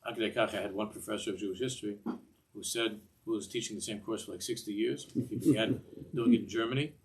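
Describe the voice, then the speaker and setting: A man's voice: lowish voice, fast, a little hiss or hum. An older man teaching a Torah class in a discursive way, often repeating words and mixing in Hebrew phrases.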